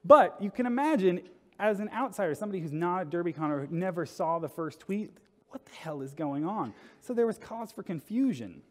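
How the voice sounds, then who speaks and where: A man's voice: high voice, sing-song, fairly quick. A man giving a humorous storytelling talk at a conference, casual and wry, acting out quotes as he goes. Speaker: conference speaker. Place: conference hall. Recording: long reverb in a conference hall.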